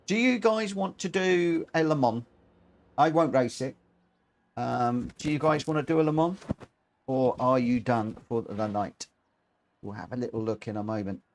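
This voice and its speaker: A man streaming online races, giving excitable live commentary and chatting with viewers. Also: mid-range voice, moderate pace, long pauses, slight background noise. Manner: excitable, rising into animated commentary. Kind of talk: live race commentary and chat.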